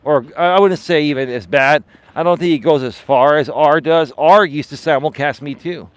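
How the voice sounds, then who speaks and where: A man's voice: a little high, normal speed, dry recording. Man, life coach on a live stream, dismissive, emphatic, repeats himself, dry close sound. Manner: dismissive, emphatic, keeps asking "right?"; repeats words for stress. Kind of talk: unscripted live-stream monologue.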